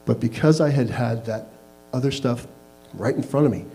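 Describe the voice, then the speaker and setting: A man's voice: mid-range voice, measured pace, mellow, faint music behind, low-quality recording. A man telling a candid personal story to a live audience, laughing at himself as he goes. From Canada. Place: small live venue.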